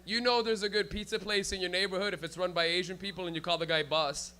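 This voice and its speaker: A man's voice: high-pitched, fairly even intonation, fast talker, pushed and bright. A young man doing loose, profane stand-up in a club, riffing with the crowd and laughing at his own bits. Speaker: stand-up comedian. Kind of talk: live stand-up comedy. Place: comedy club with a live audience.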